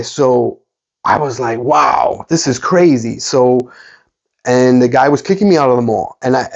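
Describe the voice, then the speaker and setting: A man casually telling a story from his past, animated and loose, with lots of restarts and "you know"s. His voice sits in an ordinary middle range. The recording is slightly dull and lo-fi. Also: mid-range voice. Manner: animated retelling, frequent fillers and restarts. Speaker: sports card collector and channel host.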